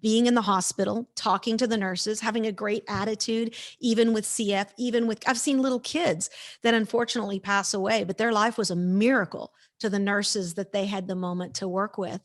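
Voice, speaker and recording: A woman in her fifties tells her story as a guest in an interview. She talks with emphasis and energy, and she plays out what others said. Her voice sits at an ordinary pitch for a woman. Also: a little fast. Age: 50s. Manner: energetic, emphatic storyteller who acts out quoted lines. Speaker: guest speaker.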